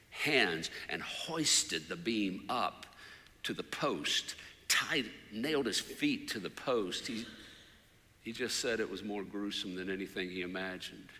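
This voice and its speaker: A man preaching a sermon as a story, his voice climbing loud for shouted quotes and falling soft for prayers. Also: lowish voice. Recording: long hall reverb.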